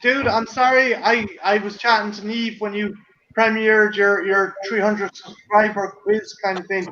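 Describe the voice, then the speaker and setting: A man with a high-pitched voice chats loosely with friends, cursing casually and tripping over his own words. The sound is dull and lo-fi, as over a video call. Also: little pitch movement, a little slow, pushed and bright, a little hiss or hum. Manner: swears casually, stumbles and repeats words. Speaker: guest on a video call chat.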